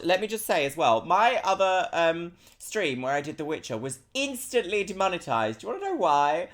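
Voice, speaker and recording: Low-voiced, lively woman streamer. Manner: chatty and playful, jumping to high squeals. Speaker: game streamer. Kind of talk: casual live-stream chat.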